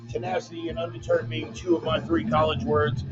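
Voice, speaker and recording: A man's voice: a little high, completely flat delivery, a little fast. A man hosting his weekly online show from a laptop, casually chatting and calling his listeners "man" and "brother". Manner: loose, joking, calls listeners "man" and "brother". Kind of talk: casual livestream talk reading viewer comments. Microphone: laptop mic. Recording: dull lo-fi laptop sound with music underneath. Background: bumper music.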